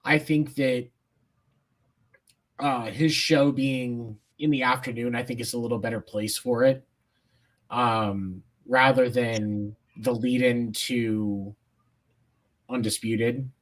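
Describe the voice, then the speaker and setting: A man co-hosting a sports podcast, giving measured opinions with casual fillers. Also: medium pitch, fairly even intonation. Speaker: podcast co-host.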